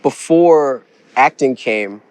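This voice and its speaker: A man hosting a casual interview, relaxed and conversational, chuckling along. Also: medium pitch, slow. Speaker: interviewer host.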